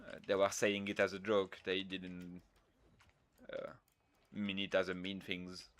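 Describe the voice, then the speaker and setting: A Frenchman with a deep, fairly bright voice speaks in a measured monotone while casually chatting on a game stream. He's laid-back, swears freely, pokes fun at himself, and reads out messages from viewers.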